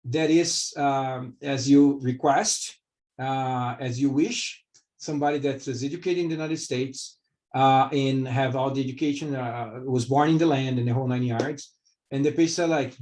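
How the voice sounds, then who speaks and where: A man's voice: on the high side, normal speed, darkish tone. A middle-aged man from Brazil with a Brazilian Portuguese accent, a surgeon answering interview questions candidly and rambling with many fillers. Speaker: vascular surgeon.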